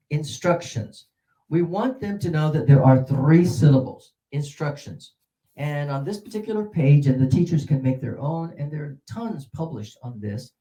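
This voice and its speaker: An older American man teaching English pronunciation, drawing out example words and swinging between loud and soft. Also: on the high side.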